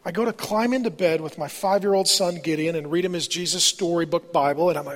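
A man's voice: high voice, fast talker. A pastor in his forties, a man, preaching a sermon with candid, conversational personal stories in a large church auditorium. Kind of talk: storytelling sermon. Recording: long reverb of a large hall.

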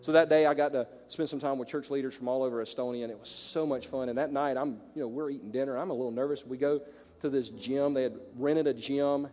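A man with a Southern American accent preaching a sermon to his congregation, shifting from loud exclamations to quiet storytelling. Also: mid-range voice, steady tone, quick pace. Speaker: pastor. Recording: long reverb of a large hall.

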